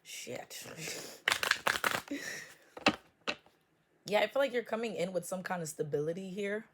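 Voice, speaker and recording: A woman's voice: mid-range voice, quick pace, slight background noise. A woman giving a casual tarot reading, blunt and profane with joking trash talk. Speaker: tarot reader.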